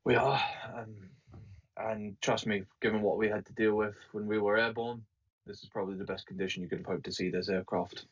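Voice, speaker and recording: A man's voice: fairly low pitch, steady tone, a little fast, breathy edge. A man playing in a tabletop game, easygoing and a bit hesitant, on a muffled, distant voice-chat mic. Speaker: player. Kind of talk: casual tabletop play.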